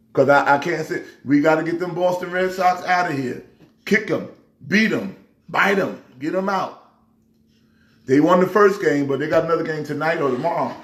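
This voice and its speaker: On the high side and a bit bright, the voice belongs to a pastor hosting a laid-back sports vlog. He addresses the camera emphatically, rambling through trash talk in an echoey space.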